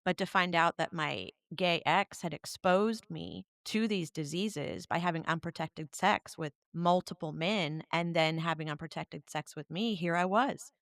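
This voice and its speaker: Low-voiced frank woman podcast host. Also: lively intonation, unhurried, gravelly, hardly any pauses, fairly bright tone, no room sound. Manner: frank, laughs often. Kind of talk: casual podcast chat.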